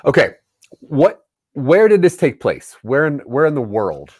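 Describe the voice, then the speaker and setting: A man of ordinary pitch leads a loose planning chat, firing off short questions to move things along. His voice sounds close and dry, with no room echo. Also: sing-song, husky. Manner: asks quick prompting questions. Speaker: co-host guiding the planning. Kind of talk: casual brainstorming chat.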